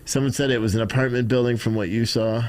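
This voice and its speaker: An American man rambling casually through a live stream, reacting to footage and chatting with viewers at a medium, everyday pitch. His talk is loose and conversational, picked up on a desk mic. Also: fairly even intonation, fast, a little mellow. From United States.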